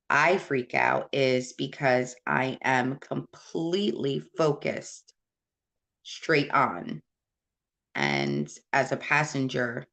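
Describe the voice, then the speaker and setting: A woman's voice: very deep voice, a bit bright. A woman from Puerto Rico hosting a casual live stream, answering viewer comments in a rambling, candid way with many fillers. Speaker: host.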